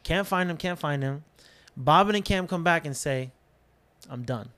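A man with a somewhat high voice tells a story in casual podcast chat. He is animated and swears freely, and he slips into his friends' voices as he acts out what they said. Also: normal speed, clear, resonant tone. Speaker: podcast co-host.

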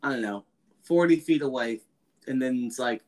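A man's voice: mid-range voice, moderate pace, darkish tone. A man co-hosting a podcast, casually sharing his take on a film with jokes along the way. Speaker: podcast co-host.

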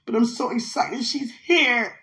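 A young woman pours out a heartfelt, spiritual message to her partner in a somewhat high voice. She is tearful at moments and swings from loud, emphatic bursts down to quiet, hushed asides. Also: a little slow. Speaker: vlogger speaking to her partner. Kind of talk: emotional spiritual monologue.

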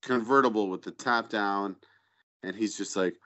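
A man's voice: lowish voice, normal speed, bright, forceful tone. A man co-hosting a casual podcast, telling a crude story in a rambling, profane way. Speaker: podcast co-host. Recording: dull lo-fi audio.

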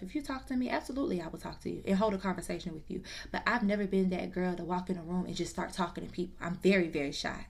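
A woman telling her own story in a casual, lively, slangy way, confiding in the listener. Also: medium pitch, gravelly.

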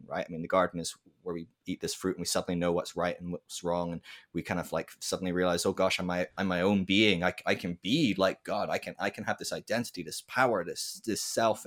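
A man in casual conversation who tells stories and acts out the people in them, with frequent restarts and tag questions. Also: fairly low pitch. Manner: animated, acts out quoted voices, frequent restarts and "right?".

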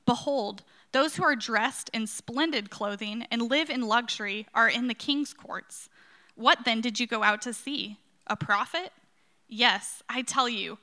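A woman reading a Bible passage aloud in a measured, formal way. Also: on the high side, pushed and bright. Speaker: scripture reader. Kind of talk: scripture reading.

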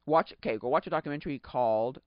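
A man's voice: mid-range voice, fast, no echo. A young man from Quebec chatting casually as a podcast host, rambling and correcting himself, with bursts of exasperated ranting. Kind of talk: casual chat. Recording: dull lo-fi sound.

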